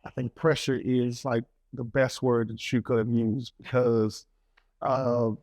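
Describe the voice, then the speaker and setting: A man's voice: mid-range voice, flat delivery, unhurried, a little mellow, no room sound. Enthusiastic man podcast co-host. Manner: enthusiastic, with small stumbles. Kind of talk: podcast talk with sponsor plug.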